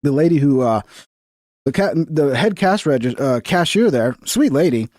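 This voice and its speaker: A man's voice: on the high side, animated, normal speed, darkish tone, dry recording, clean studio sound. A man in his thirties from Texas, giving casual, profane, sarcastic commentary on clips.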